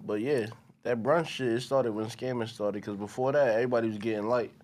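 A man's voice: mid-range voice, steady tone, fairly quick, a little mellow. A man co-hosting a podcast, joking bluntly and profanely in casual chat. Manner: blunt, profane, laughs through jokes. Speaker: podcast co-host.

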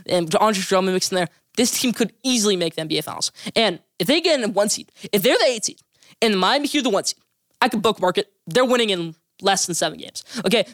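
Rapid-fire emphatic sports podcast host. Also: mid-range voice, no echo, studio quality. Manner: emphatic, forceful predictions. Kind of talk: opinionated sports talk segments.

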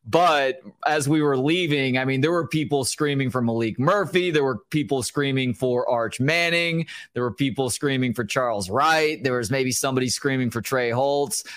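A man's voice: medium pitch, moderate pace, few pauses, a bit bright, no echo, clean studio sound. A man co-hosting a sports podcast, chatting and telling stories in casual talk. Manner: chatty, storytelling.

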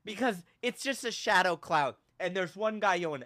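A young man hosting a podcast, telling a funny story with animated, self-mocking drama and big swings in his voice. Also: sits high, moderate pace. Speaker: podcast host. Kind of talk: comedic storytelling in casual chat.

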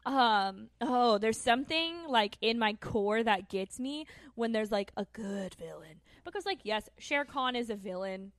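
A woman's voice: on the high side, lively intonation, unhurried, hardly any pauses, dry recording, studio quality. A young adult woman co-hosting a podcast, in a chatty, enthusiastic way with lots of likes and oohs. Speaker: podcast co-host. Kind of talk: casual chat.

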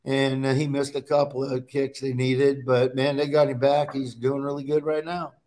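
A middle-aged man from Nebraska, a guest in a casual chat, telling animated stories and acting out his own quotes. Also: mid-range voice, normal speed.

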